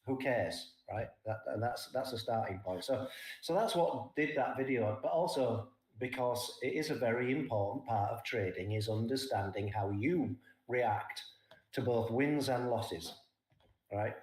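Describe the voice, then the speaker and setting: A man's voice: mid-range voice, measured pace, darkish tone. Older man explaining, echoey room. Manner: explains points plainly, often tags "right?". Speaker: trading guest. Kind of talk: casual market talk.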